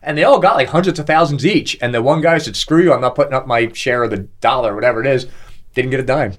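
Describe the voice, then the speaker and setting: A middle-aged man co-hosts a podcast in a mid-range voice, talking quickly. He chats casually and tells stories, acting out the voices of the people he quotes.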